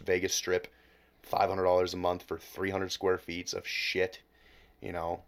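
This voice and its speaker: Late-20s man, very deep voice, podcast guest; candid, profane, emotional storytelling that dips to near whispers. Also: vocal fry. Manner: emotional, heavy swearing, drops to near whisper at low points.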